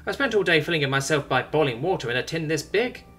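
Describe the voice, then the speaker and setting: A man voicing a brisk, unflappable young woman governor who talks bluntly and stubbornly. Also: a little high, animated, bright, forceful tone, faint music behind. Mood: insistent. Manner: blunt, stubborn, matter-of-fact.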